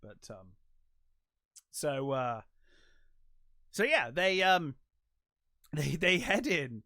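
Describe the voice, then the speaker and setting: A man co-hosting a casual film podcast, talking in an animated way and acting out his own reactions. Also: fairly high pitch, drawn-out words, dry recording, clean studio sound. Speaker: podcast co-host.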